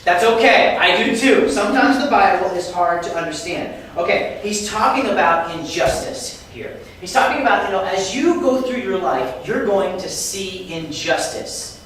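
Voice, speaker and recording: A man teaching a Bible lesson to students, lively and quizzing the class with questions. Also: high voice, moderate pace. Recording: echoey room, mic far off, faint noise.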